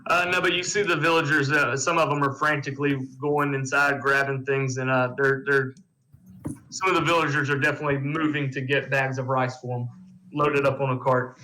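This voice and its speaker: A man narrating as game master of a tabletop game, describing scenes in a relaxed, loose way with plenty of fillers. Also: medium pitch, brisk, a little hiss or hum, rough recording.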